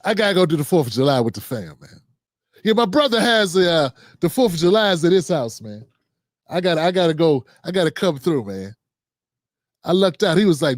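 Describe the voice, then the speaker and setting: A man's voice: a little high, big pitch swings, fairly quick, dry recording, studio quality. A man hosting a livestream show, reading out viewer comments and signing off in a loose, slangy, chatty way. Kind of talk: casual sign-off and comment shout-outs.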